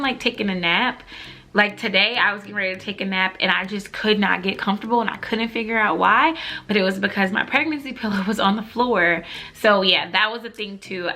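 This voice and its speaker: A woman's voice: mid-range voice, bright, forceful tone. A young woman vlogger chatting casually to camera with lots of fillers, laughing as she tells stories.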